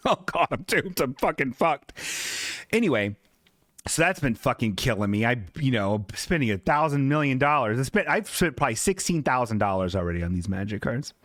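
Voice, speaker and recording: A man's voice: mid-range voice, fairly bright tone, no room sound, studio quality. A man hosting a comedy podcast, telling a rambling, profane, self-mocking story in a casual way. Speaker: podcast host.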